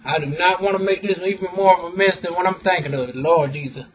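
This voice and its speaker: A man's voice: high voice, quick pace, muffled recording, a little hiss or hum. A young man, chatting sassily to his viewers in a casual vlog and calling them "honey" and "y'all.". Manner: sassy, expressive, talks straight to viewers with "honey" and "y'all". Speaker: vlogger and aesthetician.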